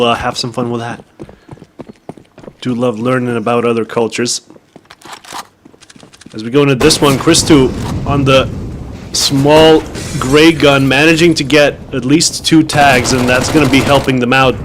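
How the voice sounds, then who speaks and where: Dude casting a shooter game, wry, rambly, says like a lot, faint noise in back. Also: male voice, mid-range voice. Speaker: esports caster. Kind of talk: play-by-play commentary.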